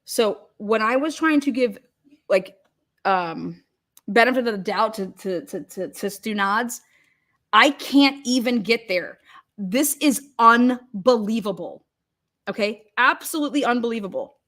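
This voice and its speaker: A woman's voice: a little high, lively intonation, unhurried, fairly bright tone. Indignant woman commenting on a replay. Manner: indignant, emphatic, repeats words. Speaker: show host. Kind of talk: commentary over a replayed court recording.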